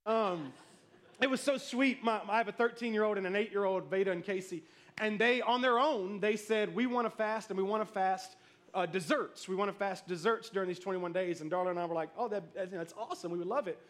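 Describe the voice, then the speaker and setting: A man's voice: high-pitched, brisk. A man in his thirties preaching a sermon as pastor, telling stories and calling out to the congregation. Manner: storytelling, animated, calls out to the congregation.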